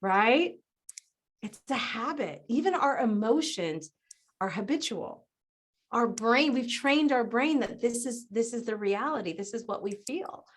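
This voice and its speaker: A woman guest on a podcast interview, explaining ideas in an animated way, often laughing and acting out other people's voices. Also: a little high, measured pace. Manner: animated, acts out quoted voices. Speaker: guest business strategist.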